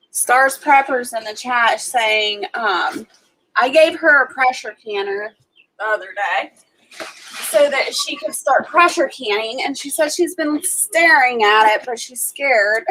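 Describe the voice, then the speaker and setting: A woman's voice: high-pitched, a bit bright, slight background noise, rough recording. A woman hosting a live stream, laughing often and offering viewers friendly help. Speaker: homestead channel host. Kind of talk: casual chat on a live stream.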